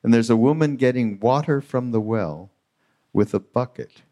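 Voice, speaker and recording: A man hosting a podcast live on a retreat stage, telling a spiritual story in an animated way. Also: mid-range voice, moderate pace. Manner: animated storyteller acting out quotes. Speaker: podcast host.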